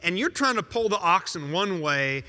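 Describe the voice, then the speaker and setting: Man preaching a sermon, high and very bright voice, conversational and emphatic, long church-hall reverb. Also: very animated. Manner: conversational and emphatic, with quick rebuttals. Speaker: pastor.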